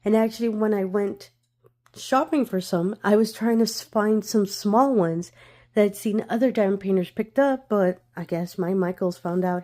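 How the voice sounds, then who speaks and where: A woman's voice: mid-range voice, unhurried, a little mellow. A woman hosting a craft channel, talking casually through an unboxing while congested from a cold and giggling often between remarks.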